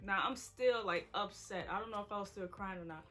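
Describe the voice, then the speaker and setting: A woman's voice: medium pitch, fairly quick, pushed and bright, faint music behind. A woman in her twenties, a vlogger, candidly telling her story to viewers in a chatty way. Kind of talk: emotional story time to viewers.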